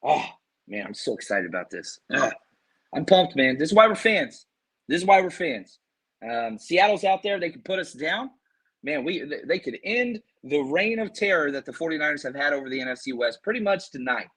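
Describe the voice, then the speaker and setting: A man hosting a sports podcast, excitedly talking through matchups and reading fan comments, his voice strained from screaming. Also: fairly high pitch, normal speed, husky. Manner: hyped, animated, reads fan super chats. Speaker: podcast host.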